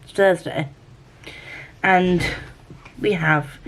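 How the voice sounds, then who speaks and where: A woman's voice: lowish voice, normal speed, a little hiss or hum. A woman with a Yorkshire accent chatting casually in a book vlog, rambling and correcting herself as she goes. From Yorkshire, England. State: feeling unwell. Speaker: book vlogger.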